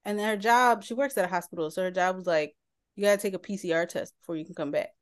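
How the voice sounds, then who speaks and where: A woman in her late thirties with a Philadelphia accent, co-hosting a casual podcast and telling stories in an animated way, often laughing. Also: fairly low pitch, fast, smooth. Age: 30s. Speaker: podcast co-host. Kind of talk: casual chat.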